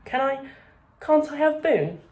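A woman's voice: high-pitched, animated, measured pace, darkish tone, voice pushed up. A woman voicing a distraught young schoolboy who has been crying and pleads anxiously. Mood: pleading. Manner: pleading, tearful.

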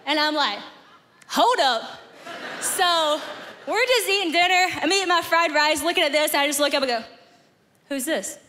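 Young woman preaching, high bright voice, acts out both sides of the convo, big church hall with long reverb. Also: normal speed, pauses often. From Southern United States. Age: young adult. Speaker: guest speaker. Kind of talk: sermon storytelling. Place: large church auditorium.

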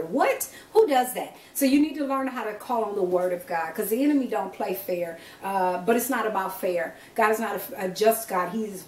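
A woman's voice: medium pitch, a little hiss or hum. An older woman minister leading a prayer call, preaching with fervor, using colloquial phrasing and rising to emphatic exclamations. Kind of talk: preached exhortation. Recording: echoey distant call audio.

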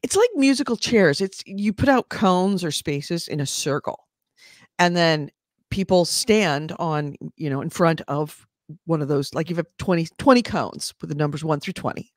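A woman co-hosting a casual podcast chat, talking in an animated, mock-outraged way. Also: sits low, normal speed, dry recording, studio quality. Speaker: podcast co-host.

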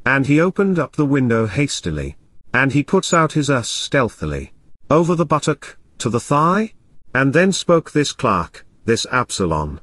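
A man narrating a classic tale as an audiobook, in a measured storytelling way. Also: mid-range voice, big pitch swings, fairly bright tone, dry recording.

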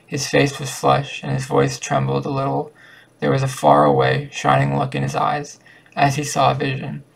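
Creaky, husky man reading a story aloud. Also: mid-range voice, sing-song, poor audio. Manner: halting, with occasional slips and restarts. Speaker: audiobook reader. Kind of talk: amateur audiobook narration.

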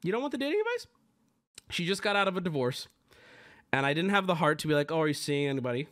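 A man's voice: fairly high pitch, very animated, fast talker, a bit bright. A man streaming live, telling stories in casual chat, teasing his viewers and swearing freely as he talks.

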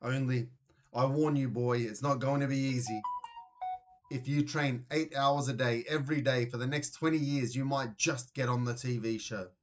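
A man's voice: medium pitch, steady tone, normal speed, faint music behind, natural voice. A man voicing a weary, grumpy father who works as a security guard, in a children's storybook reading. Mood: blustering.

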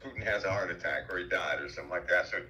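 Guest man on a headset, low pitched, tense tone, halting delivery full of fillers, faint hiss behind. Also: bright, forceful tone, poor audio. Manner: halting, many fillers and restarts. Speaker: guest commentator. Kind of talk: call-in talk show chat.

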